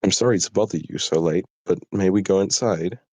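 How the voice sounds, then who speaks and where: A man's voice: deep voice, fairly quick, warm tone, breathy edge, dry recording. Man doing drawling southern English gent, formal and polite, storybook. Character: formal man in black suit with cane.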